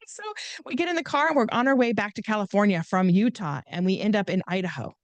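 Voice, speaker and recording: Speaking a little fast at medium pitch, this woman, an author guesting on a podcast, tells stories in a casual interview. She rambles, laughs a lot, and restarts her sentences; there's no echo.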